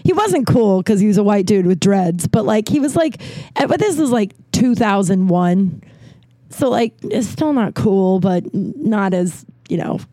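A woman in her forties hosting a podcast, telling stories in a chatty, profane way while hoarse from losing her voice. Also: medium pitch, animated, a little slow, mellow, no room sound. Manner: chatty and profane, acts out quoted people. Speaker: podcast host. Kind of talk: casual storytelling monologue.

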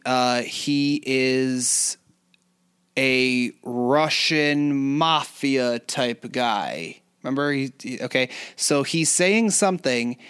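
Smooth-voiced man in casual chat. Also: mid-range voice, a bit bright, no room sound, studio quality. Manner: chatty, laughs often, spells words out slowly. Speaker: podcast co-host.

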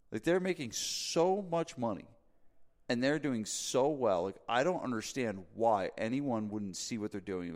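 With a mid-range voice trailed by long reverb, this New Jersey podcast host rambles through a laid-back story heavy on fillers and side comments, turning animated when he makes a point.

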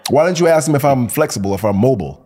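A young man from Detroit hosts a laid-back podcast chat, teasing and bragging with a lively, swooping delivery. His voice sits at an ordinary middle pitch. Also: racing, slightly rough. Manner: playful, teasing, boastful. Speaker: podcast co-host. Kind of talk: casual banter.

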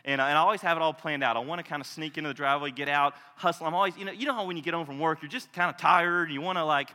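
A man in his thirties preaches with a high, bright voice, swinging between loud exclamations and near-hushed moments. His sermon rings out through a reverberant church hall. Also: racing. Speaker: pastor.

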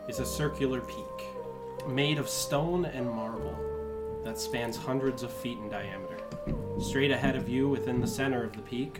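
Man narrating a tabletop game over music. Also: medium pitch. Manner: laughing, swearing banter between descriptive narration. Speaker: game master.

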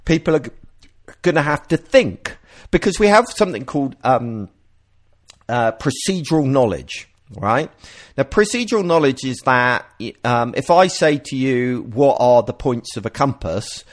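A man hosting a podcast, explaining ideas in a casual, animated way and often restarting his sentences. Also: medium pitch, normal speed. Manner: animated, explanatory, self-interrupting. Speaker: podcast host.

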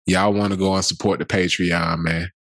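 A man's voice: low-pitched, flat delivery, normal speed, a bit bright, no room sound. A man co-hosting a casual podcast, joking and emphatic in profane banter, plugging the show's supporters page. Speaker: podcast co-host. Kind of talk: casual podcast chat and sponsor plug.

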